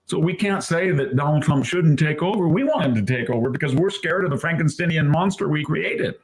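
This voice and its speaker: Gravelly guy ranting about politics, husky, keeps stammering. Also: fairly quick, few pauses. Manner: animated, mimics opponents in high voices, stammers. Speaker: political commentator. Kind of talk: opinionated commentary.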